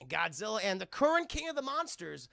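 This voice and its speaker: A man giving an excitable, profane live-stream film review, talking straight to his chat and acting out scenes. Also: high voice, brisk, gravelly, dry recording.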